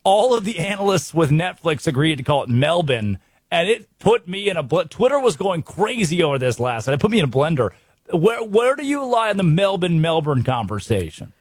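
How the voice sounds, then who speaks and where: An American man hosting a sports radio show, brisk and wry, full of rhetorical questions. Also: on the high side, sing-song, slightly rough, no echo. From United States.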